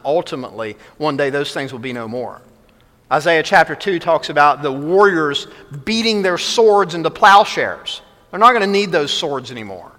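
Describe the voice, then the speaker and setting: A man with a high, bright, forceful voice preaches a sermon, pressing his points by repeating short phrases and reading scripture aloud. His voice rings with the long reverb of a large church hall. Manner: emphatic, repeats key phrases, quotes scripture. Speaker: pastor.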